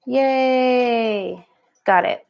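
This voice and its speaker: A woman's voice: on the high side, drawn-out words, creaky, a little mellow. A woman giving a live-streamed tarot and oracle card reading, chatty and giggly, with a lot of "like" fillers.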